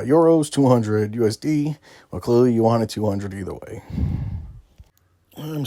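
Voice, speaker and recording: A man's voice: lowish voice, darkish tone, breathy edge, no room sound. A man giving sarcastic, taunting commentary over a screen recording, swearing often. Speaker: gaming video creator.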